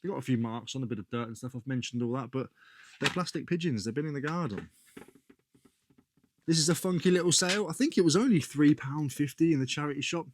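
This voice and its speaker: A man's voice: on the high side, fast, background noise. A British man chatting casually about his resale finds, slangy and often correcting himself mid-sentence. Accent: British English. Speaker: reseller vlogger. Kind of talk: casual chat.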